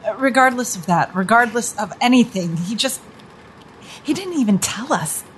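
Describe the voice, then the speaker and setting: An actress playing a skeptical young adult daughter who speaks in a wry, blunt way. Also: female voice, a little high, expressive, normal speed, a bit bright, slight background noise.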